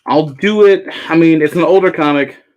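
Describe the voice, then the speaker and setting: A man's voice: on the high side, moderate pace, a little mellow, muffled recording. A man with a Southern American accent, hosting a live sale and chatting casually, joking as he reads out items. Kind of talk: casual live sales chat.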